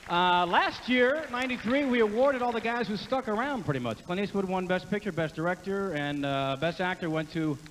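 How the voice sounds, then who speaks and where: A man doing a stand-up comedy set as an impressionist, brash and quick with his jokes and given to cursing. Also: high-pitched, lively intonation, a bit bright, big-room sound, slight background noise, low-quality recording.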